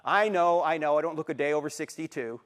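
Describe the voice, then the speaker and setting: A man in his sixties giving a live lecture in a university auditorium, an animated storyteller who acts out quotes and jokes. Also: a little high, fast. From New Jersey, USA. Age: 60s. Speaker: Christian apologetics speaker.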